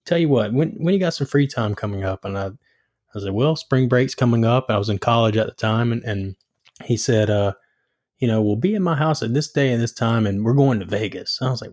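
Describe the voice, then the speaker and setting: A young man hosting a casual chat, relaxed and rambling as he shares his own story. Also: medium pitch, fast.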